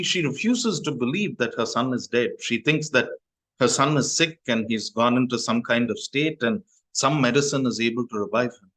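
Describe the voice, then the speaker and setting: Monk guy telling a dharma story, chatty and loose, mid pitch, stops and restarts a lot. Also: fairly bright tone, poor audio. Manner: conversational, with restarts and asides. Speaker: Buddhist monk teaching.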